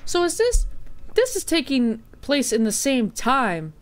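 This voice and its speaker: A woman's voice: high voice, wildly swooping pitch, unhurried. A woman streaming a horror game in casual chat, jokey and swearing, breaking into mock-dramatic wailing.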